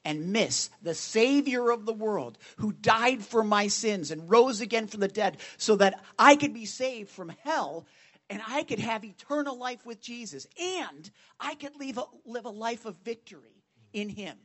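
A man's voice: high voice, lively intonation, unhurried, fairly bright tone. A man preaching an informal sermon in a church, earnest and conversational, often checking in with his listeners. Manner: earnest, conversational, with frequent "right?" check-ins. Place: church sanctuary.

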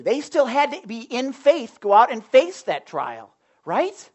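A pastor preaching a sermon in a loose, conversational way, with jokes and asides to the congregation. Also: male voice, very high-pitched, huge pitch swings, a little slow.

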